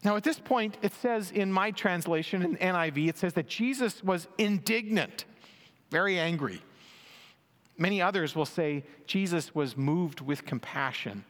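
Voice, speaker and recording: A man's voice: high-pitched, animated, normal speed, a bit bright. A man preaching a sermon, reading and explaining scripture in an earnest, emphatic way, lifting his voice for quoted lines. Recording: long hall reverb.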